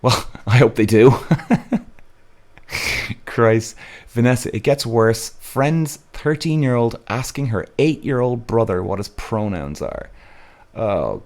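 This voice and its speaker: Taking it slowly with long pauses, this Irish-accented Cork man hosts a live podcast and reads viewer comments, blunt and exasperated, swearing freely. His mid-range voice is animated and a little mellow, and the talk is casual live-stream chat.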